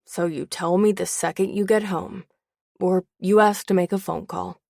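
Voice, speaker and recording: A woman voicing a boy's loving father who speaks softly and reassuringly. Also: high-pitched, fairly even intonation, moderate pace, gravelly, no echo, studio quality. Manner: soft, reassuring. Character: gentle, reassuring father of a boy.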